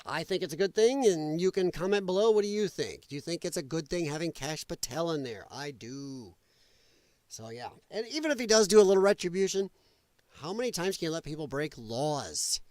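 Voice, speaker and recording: A man's voice: fairly high pitch, expressive, fairly quick, darkish tone, no echo, studio quality. A man hosting a casual political commentary livestream, talking to his chat, laughing a lot and fumbling while he looks for clips. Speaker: livestream host.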